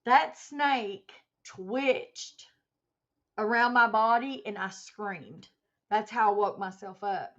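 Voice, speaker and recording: A woman's voice: mid-range voice, slow pace, a bit bright. A woman hosting a casual livestream, telling a story with animation and reading out chat comments as she goes. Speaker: livestream host. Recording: muffled lo-fi stream audio.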